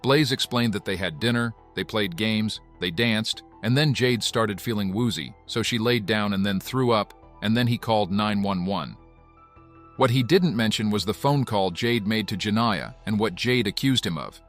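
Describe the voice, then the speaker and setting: A man giving scripted documentary narration in an even, measured way. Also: lowish voice, faint music behind.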